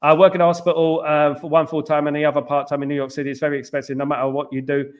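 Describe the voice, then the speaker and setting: Londoner guy in his middle years reading out chat on a live stream, slightly high voice, keeps repeating himself and giving shout-outs. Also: flat delivery, racing. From London, England. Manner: chatty, repeats phrases, warm shout-outs to viewers.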